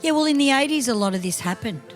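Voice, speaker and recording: A woman's voice: a little high, animated, fast, soft background music. A woman co-hosting a podcast in casual, chatty, opinionated talk, swearing now and then. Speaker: podcast co-host. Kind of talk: casual chat.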